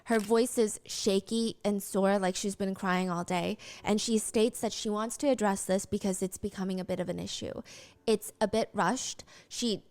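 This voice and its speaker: A woman narrates a true-crime story in a scripted, earnest way. She keeps the retelling brisk and steady, with a voice of ordinary pitch.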